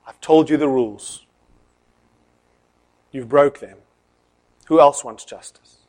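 Preacher voicing a stern lecturer, slow and grave. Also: male voice, medium pitch, a little mellow, slight background noise, pitched below the performer's own voice, natural voice. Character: stern male university lecturer, firm and deliberate.

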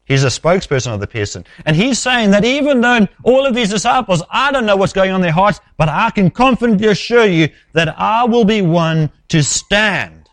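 A man preaching an expository sermon, measured and emphatic, often dropping low at the ends of phrases. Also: sing-song, fairly bright tone, no echo.

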